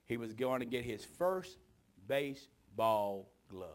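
A man preaching a sermon with dramatic storytelling, moving from hushed whispers to shouting. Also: medium pitch, animated, takes it slowly.

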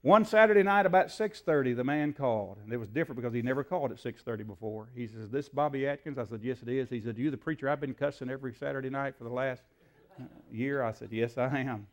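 A man's voice: mid-range voice, fast. A man, a preacher telling a story in a sermon in a folksy way, acting out the dialogue, with frequent fillers.

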